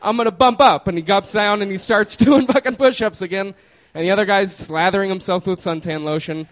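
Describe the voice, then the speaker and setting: Guy telling a wild story, laughs a lot, kinda high voice. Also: fairly quick. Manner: casual and laughing, with lots of fillers.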